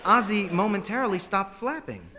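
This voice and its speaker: Male narrator, lively storybook reading, very bright tone, faint background hum. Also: sits high, normal speed. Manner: animated, voices characters.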